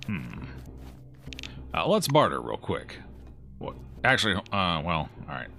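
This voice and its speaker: A man's voice: low voice, sing-song, a little slow, vocal fry, long pauses, sharp tone. A man giving casual, joking commentary while playing a game and reading its text aloud. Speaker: gaming video host.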